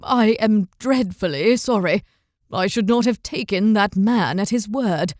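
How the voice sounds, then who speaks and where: A woman voicing a young noble knight who speaks in a formal, old-fashioned way, slow and apologetic. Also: mid-range voice, a little mellow, no echo, studio quality, natural voice.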